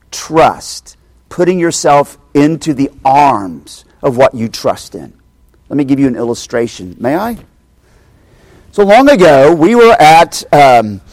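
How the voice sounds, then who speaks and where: Animated male preacher with a dry close sound. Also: on the high side, no echo. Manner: animated storytelling, addressing the congregation directly. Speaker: pastor. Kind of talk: sermon.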